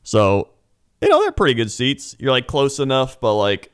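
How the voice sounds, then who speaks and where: A man's voice: mid-range voice, huge pitch swings, normal speed, fairly bright tone, smooth, no echo, studio quality. A man co-hosting a podcast, chatting in an easygoing way with frequent hesitations and fillers. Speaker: podcast co-host. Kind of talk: casual chat.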